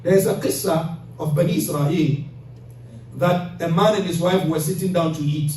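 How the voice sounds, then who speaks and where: High-voiced preacher in an echoey mosque. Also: male voice, steady tone, moderate pace, darkish tone, a little hiss or hum. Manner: tells moral stories, acting out voices of characters. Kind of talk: mosque sermon with storytelling. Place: mosque hall. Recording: echoey hall recording from far off.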